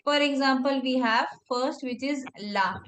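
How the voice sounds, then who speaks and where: A woman, whose voice sits a little high, teaching French in a one-on-one lesson. She explains patiently and step by step, giving an example for each point. The room echoes, and a faint hiss runs underneath. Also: unhurried, fairly bright tone. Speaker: French tutor. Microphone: online class.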